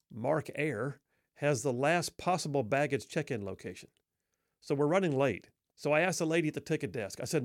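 A man's voice: a little high, no room sound, studio quality. A middle-aged man telling a humorous personal story in a wry, self-deprecating, folksy way.

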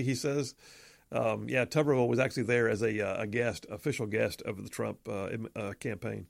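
A man's voice: lowish voice, fairly even intonation, a little fast, creaky, no room sound, clean studio sound. A man hosting a casual political talk show, chatty and opinionated with joking asides.

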